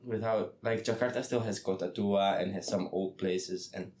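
Man chatting and laughing, low voice, roomy sound. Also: fairly even intonation, moderate pace, darkish tone. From Netherlands. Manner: laughs often, many fillers and restarts. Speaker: student. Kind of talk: casual chat.

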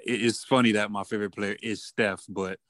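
A man talking basketball as a guest on a sports talk radio show, casual and halting. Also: lowish voice, fairly even intonation, fairly bright tone, no echo, clean studio sound. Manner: casual, halting, with many restarts and fillers.

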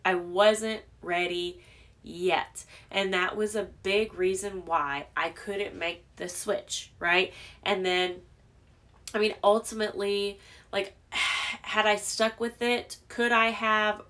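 A woman's voice: medium pitch, fairly even intonation, takes it slowly, fairly bright tone. A young adult woman hosting a podcast alone, talking candidly and reflecting on herself in a casual, conversational way with many fillers. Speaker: podcast host. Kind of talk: casual solo podcast monologue.

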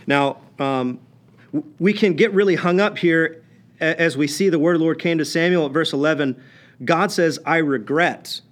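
Man, pastor, sermon, impassioned, loud-to-soft swings, slightly high voice.

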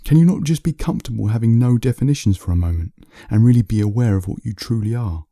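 A man voicing a calm, wise male lion who speaks gently and with quiet amusement in a bedtime story. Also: medium pitch, dry recording, studio quality, voice pushed up. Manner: calm, unhurried, gently teasing.

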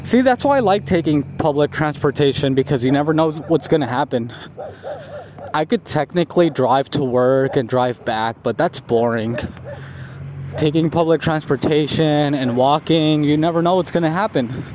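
Casual man, slightly high, rambly street vlog on a phone, light traffic behind. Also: moderate pace, a little mellow. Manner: rambling, heavy on "like", laughs at himself. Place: outdoors near a store and on the street.

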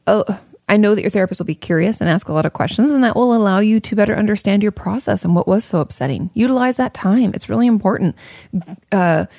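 Frank, gravelly-voiced woman therapist. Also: lowish voice, a little mellow, no echo, studio quality. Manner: casual, frank, thinks aloud with fillers and occasional swearing. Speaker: therapist answering viewer questions. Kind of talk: casual advice talk.

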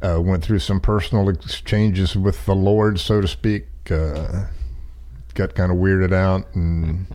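Deep, mellow-voiced man telling stories. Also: level tone, takes it slowly. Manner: rambling, self-deprecating, folksy, with frequent restarts and chuckles. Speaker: podcast guest. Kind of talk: casual storytelling.

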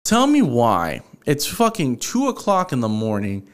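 A man's voice: medium pitch, unhurried, a little hiss or hum. A man hosting a solo podcast, telling a story in a casual, profane way and acting out the other people's lines. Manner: profane, animated, acts out quoted dialogue. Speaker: podcast host.

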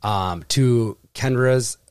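A man's voice: mid-range voice, drawn-out words, clear, resonant tone, no room sound, studio quality. A man co-hosting a podcast, in casual chat, loose and swearing freely. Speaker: podcast co-host.

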